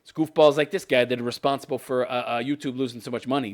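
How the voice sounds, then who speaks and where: A man's voice: mid-range voice, fast talker, hardly any pauses, a bit bright. A man in his fifties hosting a podcast, ranting scornfully and sarcastically, often breaking into laughter. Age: 50s. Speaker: podcast host. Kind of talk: political commentary rant.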